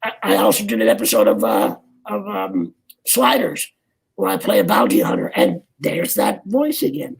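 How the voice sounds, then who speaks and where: Older man, gravelly and husky, halting interview chat, voice leaps up and down. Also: on the high side, huge pitch swings, low-quality recording. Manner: rambling, halting, many restarts. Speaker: actor guest. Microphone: video call.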